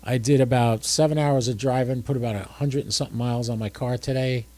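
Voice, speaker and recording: A man's voice: mid-range voice, steady tone, fast, a little mellow, dry recording. A drowsy, tired man hosting a casual livestream, chatting and thinking aloud as he works his ham radio gear. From United States.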